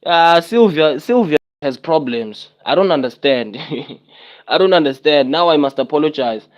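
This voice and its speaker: A man's voice: on the high side, animated, normal speed, muffled recording. Exasperated young man livestreaming. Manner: exasperated, repetitive, rhetorical questions. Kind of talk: casual livestream chat to viewers.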